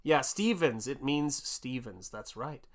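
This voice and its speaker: In a mid-range, animated voice at a slow pace, a middle-aged man from the United States chats casually while painting on his art livestream. He reads viewer comments aloud, exclaiming frequently.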